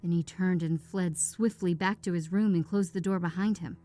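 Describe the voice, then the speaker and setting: A woman reads a classic horror tale in a lowered, hushed voice, slipping into whispers at tense moments. Her pitch sits on the low side. Quiet music plays beneath her. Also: fairly even intonation, moderate pace. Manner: hushed, often dropping to a whisper. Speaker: narrator. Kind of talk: scripted horror narration. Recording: faint background music.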